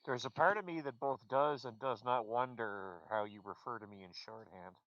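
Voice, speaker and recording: Dry, deadpan man on voice chat. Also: medium pitch, moderate pace, muffled recording. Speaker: voice chat participant. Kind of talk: casual group chat.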